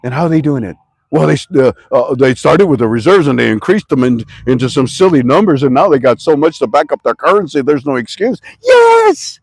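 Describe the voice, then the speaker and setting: A man from Ohio, talking to camera about currency in a rambling, animated way and sometimes shouting for emphasis. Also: medium pitch, quick pace, vocal fry, slightly rough, dry recording, studio quality. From Toledo, Ohio. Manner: animated, shouts for emphasis, talks to himself in two voices. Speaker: currency commentary vlogger. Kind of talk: casual rambling talk to camera.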